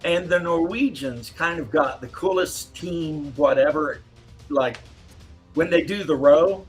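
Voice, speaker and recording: A man's voice: a little high, a little slow, faint music behind. A man chatting casually on a live stream, loose and profane, laughing while he tells stories. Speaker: stream host. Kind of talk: casual chat.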